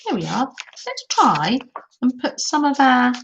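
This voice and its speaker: Her voice sits high and is a bit bright, swinging widely in pitch at a measured pace with vocal fry. This older woman runs a craft livestream, warmly chatting with viewers and gushingly exclaiming over their comments as she reads them; the audio is dull, lo-fi, and faintly noisy.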